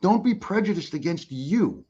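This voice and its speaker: A man's voice: a little high, expressive, normal speed, mellow, muffled recording, a little hiss or hum. A middle-aged man, a guest life coach, giving an emphatic motivational talk on a call, repeating key phrases for effect in a blunt, casual way.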